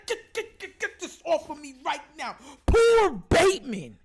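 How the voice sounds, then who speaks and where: A man hosting a sports talk show, ranting heatedly and shouting his points over and over. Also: very high-pitched, big pitch swings, unhurried, few pauses. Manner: fired-up, shouting, repetitive emphatic. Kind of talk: heated sports commentary rant.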